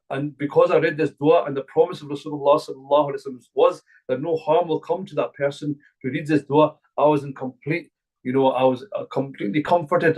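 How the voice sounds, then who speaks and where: A man's voice: fairly high pitch, a little mellow, highs cut off. A middle-aged man from Glasgow, an imam giving an earnest, repetitive religious talk to a gathering. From Glasgow, Scotland. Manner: earnest, repetitive, emphatic preaching.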